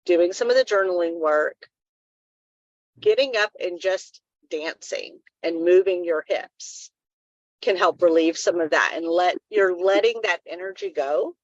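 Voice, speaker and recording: A woman's voice: lowish voice, measured pace, no room sound, lo-fi sound. A woman co-hosting a live wellness talk stream, giving earnest advice in a casual, rambling way.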